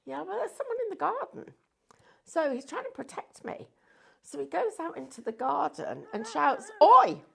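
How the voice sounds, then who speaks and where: A woman's voice: high voice, normal speed, vocal fry. A woman, presenting on a shopping channel and telling a funny story in casual chat. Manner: animated, laughs through the story.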